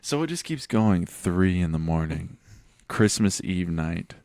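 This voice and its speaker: Animated young man telling a story. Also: low voice, a little slow, dry recording, studio quality. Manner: animated storyteller who acts out quotes, swears a lot. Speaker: podcast co-host. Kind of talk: casual chat, storytelling.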